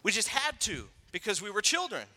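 A man in his thirties, a pastor giving a sermon in a conversational, animated storytelling way, acting out voices. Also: high voice, fairly quick, in a large hall.

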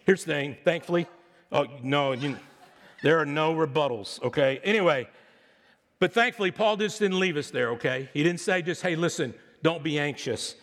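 High-voiced preacher in a reverberant sanctuary. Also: male voice, normal speed, fairly bright tone. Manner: conversational, joking asides, sarcastic impressions. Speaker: pastor. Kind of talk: sermon. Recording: long hall reverb.

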